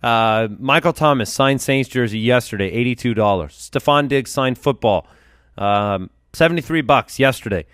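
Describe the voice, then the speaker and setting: An upbeat man hosting a podcast, with a smooth, resonant voice. He talks casually and rattles off lists in quick bursts. The sound is dry and close. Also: medium pitch, fairly bright tone, dry recording. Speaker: podcast host. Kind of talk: casual podcast chat and sponsor reads.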